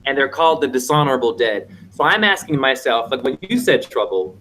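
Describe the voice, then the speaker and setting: A man's voice: medium pitch, big pitch swings, a little fast, bright, forceful tone, slight background noise. A man hosting a casual online panel, lecturing in a rambling way with wordplay over a video call.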